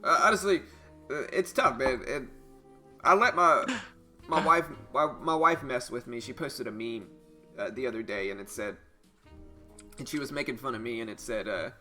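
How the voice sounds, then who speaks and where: A man's voice: medium pitch, fairly quick. Chatty man hosting a live stream. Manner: loose and chatty, animated when telling stories. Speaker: host of live trading stream. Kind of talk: casual live stream chat and market news. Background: soft jazz music.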